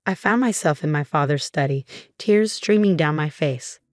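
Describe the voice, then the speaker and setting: A woman narrating a first-person story in an even, measured reading voice. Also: low-pitched, dry recording, clean studio sound.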